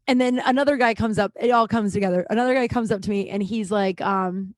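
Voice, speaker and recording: A woman's voice: mid-range voice, fast talker, dry recording. A woman hosting her own podcast, telling a rambling story in casual chat, swearing freely and restarting her sentences often. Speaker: podcast host.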